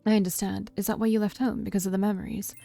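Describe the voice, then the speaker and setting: A woman voicing a gentle young heroine, speaking softly and reassuringly with a slightly raised voice. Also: medium pitch, level tone, fast talker, gravelly, faint music behind, close to an everyday voice.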